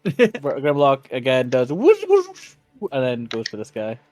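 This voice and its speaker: A man's voice: medium pitch, wildly swooping pitch, normal speed, darkish tone, faint music behind. A man playing in a tabletop game, rambling with frequent laughs and restarts. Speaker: player. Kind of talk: casual tabletop game chat.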